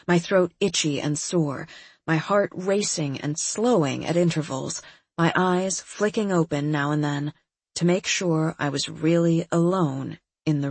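A woman with a husky voice reading a first-person novel in a wry, detached manner. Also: low voice, darkish tone, dry recording. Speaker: audiobook narrator. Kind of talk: scripted first-person narration.

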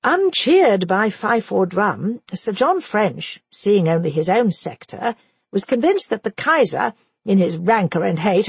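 Woman, audiobook narrator, husky voice, dry close sound, measured reading. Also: mid-range voice, a little mellow, no echo. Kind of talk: scripted narration.

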